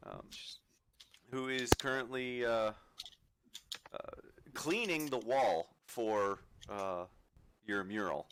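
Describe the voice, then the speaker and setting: A man narrating as dungeon master, relaxed and hesitant with many fillers. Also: mid-range voice, slow, pauses often, slight background noise. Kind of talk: narrating a tabletop game.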